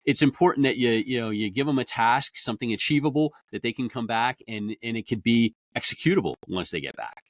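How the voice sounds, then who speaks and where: Fast, energetic man with a dry sound. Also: medium pitch, no echo. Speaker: guest, industry consultant. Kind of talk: casual podcast interview.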